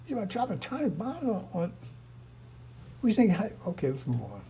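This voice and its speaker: A man's voice: high-pitched, wildly swooping pitch, a little fast, dark tone, slight background noise. A man giving an informal religious talk, rambling and repetitive, full of rhetorical questions. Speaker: preacher.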